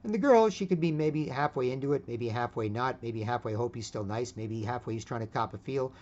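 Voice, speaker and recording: A man's voice: medium pitch, a little fast, a little mellow. A middle-aged man in a casual, rambling monologue, blunt and profane, tagging "right?" onto his phrases. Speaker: video host. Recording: dull lo-fi recording.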